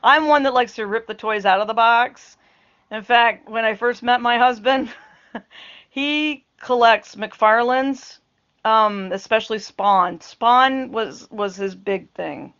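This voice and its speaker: Woman, middle-aged, casual vlog chat, rambling, laughs a lot, slow pace, muffled lo-fi sound. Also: a little high, a bit bright, clear, resonant tone. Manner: rambling, chatty, laughs often. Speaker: vlogger.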